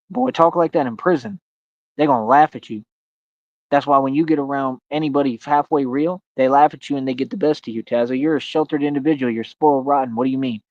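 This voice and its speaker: A man rants on his livestream, boasting and calling out rivals one by one in a confrontational tone. His voice sits at an ordinary middle pitch. The sound is dry and a little dull, like budget streaming audio. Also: fairly quick, darkish tone, no echo. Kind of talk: ranting livestream monologue. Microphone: streaming mic.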